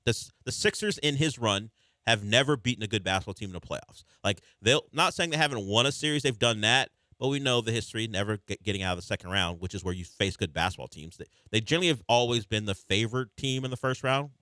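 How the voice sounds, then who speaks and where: A man hosting sports talk radio, wry and animated, teasing his callers. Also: lowish voice, fast talker, no room sound, studio quality.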